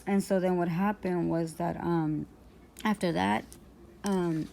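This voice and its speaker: A woman's voice: on the low side, fairly even intonation, slow pace, gravelly, noisy background. A woman telling a personal story in a rambling, indignant way, full of fillers and restarts. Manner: aggrieved, indignant. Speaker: vlogger.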